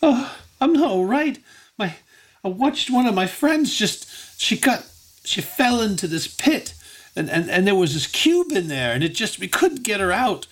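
A woman's voice: fairly high pitch, mellow, breathy edge, pitched above the performer's own voice. A man doing a sobbing, foul-mouthed warlock girl. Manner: weepy and wailing.

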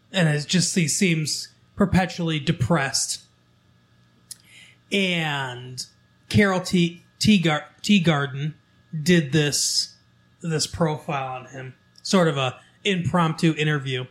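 A man's voice: fairly high pitch, fairly bright tone. Man casually reading a newspaper aloud. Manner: reads aloud with halting fillers and restarts. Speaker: local show host.

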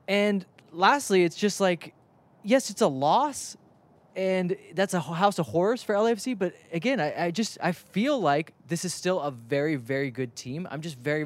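A young man hosting a casual soccer talk show, telling stories quickly and acting out what others said. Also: fairly high pitch. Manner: animated, quick storytelling with acted-out quotes. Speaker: soccer podcast host. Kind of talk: casual sports chat.

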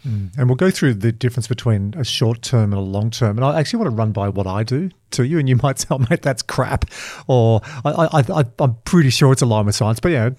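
A man's voice: medium pitch, animated, quick pace, few pauses, a little mellow, no room sound, clean studio sound. A man hosting a casual podcast interview, chatty and joking in an informal way. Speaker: podcast host.

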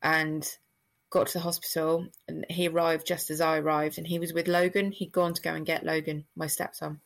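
A woman's voice: sits low, level tone, moderate pace, gravelly. A woman, telling a personal story casually, with lots of "like" fillers. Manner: chatty, lots of "like" and "blah, blah".

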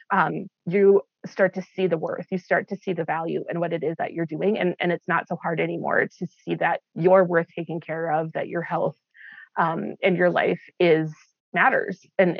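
A woman's voice: on the low side, level tone, normal speed, gravelly, slightly rough, no echo. A woman who founded a wellness program, talking earnestly and reflectively in a casual chat, with frequent fillers. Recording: slightly dull, lo-fi audio.

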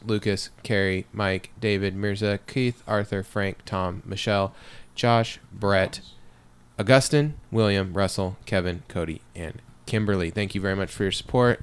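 Tired low-voiced young man hosting a podcast. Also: clean tone. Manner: rambling, halting with many fillers. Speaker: podcast host. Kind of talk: casual sports podcast chat.

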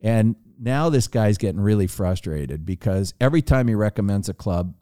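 A man telling a long, animated anecdote on a podcast, with frequent restarts. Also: lowish voice, moderate pace, no room sound, studio quality. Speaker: podcast guest. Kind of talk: casual storytelling.

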